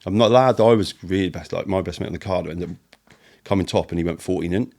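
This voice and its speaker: A low-pitched man from Britain talks casually as a podcast guest. He tells long stories, swears freely and slips into the voices of the people in them. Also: fast talker, creaky, a little mellow. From United Kingdom. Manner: swears often, storytelling, acts out quotes. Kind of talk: casual chat.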